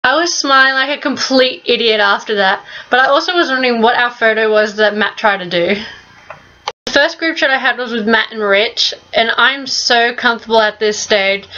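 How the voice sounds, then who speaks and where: Gushing young woman, bright lo-fi voice-over. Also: fairly high pitch. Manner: gushing, excited fan storytelling with casual swearing. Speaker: vlogger. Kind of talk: voice-over narration of a vlog.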